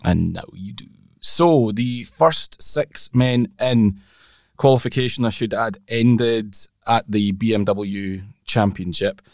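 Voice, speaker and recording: A man's voice: on the low side, slow, no echo, studio quality. Wry man hosting a golf podcast. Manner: wry, teasing, leads the segments. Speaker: podcast co-host. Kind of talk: casual golf chat.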